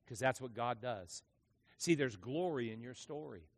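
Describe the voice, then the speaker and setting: A male pastor preaching a sermon in a church, emphatic, swinging between loud and hushed. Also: mid-range voice, animated, moderate pace, big-room sound. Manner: emphatic preaching with dramatic acted quotes and big volume swings. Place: church sanctuary.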